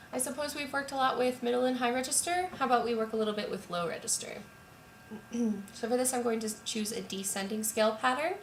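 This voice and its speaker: A young woman voice teacher calmly explaining and demonstrating a vocal warm-up at home. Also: a little high, fairly quick, a little hiss or hum. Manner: calm, explanatory, sings scale demos. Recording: roomy echo, voice from a distance, piano. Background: piano.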